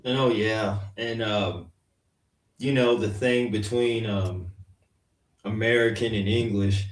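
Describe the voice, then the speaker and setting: A man's voice: lowish voice, fairly even intonation, slow. Rambling man in a roomy echo. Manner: rambling, frequent "um". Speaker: podcast panelist. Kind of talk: casual sports chat.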